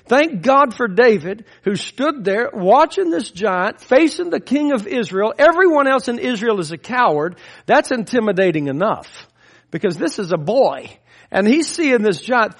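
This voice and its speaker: A man's voice: very high-pitched, a bit bright. A man preaching a sermon with impassioned, rising and falling emphasis.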